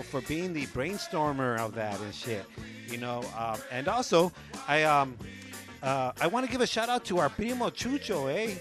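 Radio co-host, high voice, playful banter, light music behind. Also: male voice. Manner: playful, joking, tags lines with "eh?". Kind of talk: casual radio banter and shout-outs.

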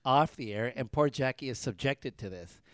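A male podcast co-host with a mid-range, fairly bright voice talks at a moderate pace in a dry recording. Sitting in a garage, he trades casual banter in long, rambling stretches full of restarts.

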